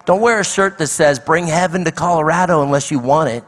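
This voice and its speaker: A man's voice: fairly high pitch, fairly quick. A middle-aged man preaching a sermon as guest speaker, telling a story animatedly and acting out the people in it. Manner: animated storytelling with acted-out quotes. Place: large church hall. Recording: long hall reverb.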